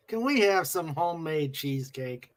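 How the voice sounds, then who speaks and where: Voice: medium pitch, expressive, takes it slowly. A podcast co-host in casual chat who laughs often and reads posts aloud.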